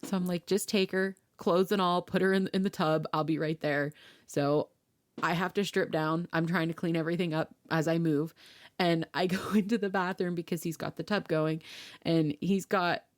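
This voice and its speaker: A woman's voice: fairly low pitch, steady tone, moderate pace. A young woman co-hosting a podcast, telling a family story in casual chat, laughing often and acting out what people said. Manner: laughing storytelling, acts out dialogue. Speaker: podcast co-host.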